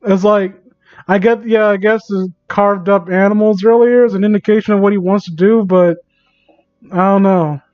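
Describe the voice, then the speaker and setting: A man's voice: high-pitched, steady tone, moderate pace, smooth, no room sound, faint music behind. A young man sarcastically reading fan fiction aloud and mocking it, incredulous and laughing, recorded on a dull, dry home mic. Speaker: comedy reader of fan fiction.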